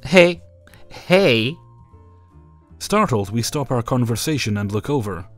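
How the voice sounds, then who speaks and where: A man at a middling pitch retells his stories in a wry, matter-of-fact voice. Faint background music runs under his narration. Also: animated, fairly quick. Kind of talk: storytelling narration.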